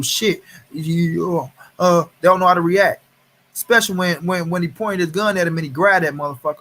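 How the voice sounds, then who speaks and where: High-pitched and bright, this man's forceful voice carries a heated, profanity-laced rant on his livestream. He hammers points by repeating phrases and calls out chat viewers by name during the angry, casual commentary.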